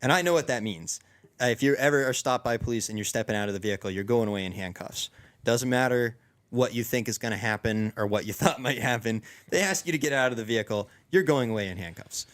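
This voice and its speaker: A man's voice: medium pitch, fast. Rambling man telling a story. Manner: rambling, animated, many restarts and fillers. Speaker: podcast co-host. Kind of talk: casual storytelling.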